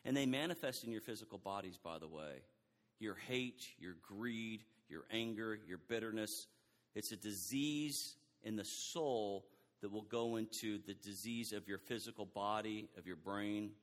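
A middle-aged man preaching a sermon in an animated way, acting out quoted dialogue and often restarting his sentences. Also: fairly low pitch, a little slow, big-room sound.

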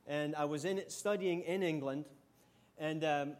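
A middle-aged Scottish man from Scotland, preaching a sermon with animated, humorous storytelling. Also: a little high, a little slow. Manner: animated, humorous storytelling with sudden loud outbursts. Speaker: pastor.

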